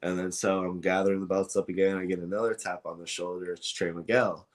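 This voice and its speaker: A man's voice: low voice, level tone, quick pace. A man, a guest on an interview show, telling a story in a casual, rambling way with many fillers and acted-out dialogue. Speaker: belt maker, guest.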